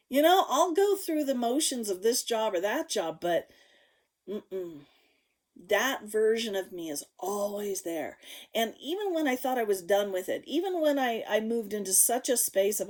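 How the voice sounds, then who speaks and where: Woman vlogger with a lively voice that jumps up and down, frank storyteller who swears, goes loud then hushed. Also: medium pitch, a little slow. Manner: animated, swinging between loud and hushed. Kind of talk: personal storytelling to camera.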